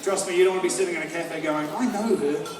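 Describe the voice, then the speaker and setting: A man from North America does a swearing, brash stand-up routine with mocking impressions, talking rapid-fire in a fairly high voice with little pitch movement. It's recorded at a live venue on a distant mic, with echo, crowd noise, and laughter.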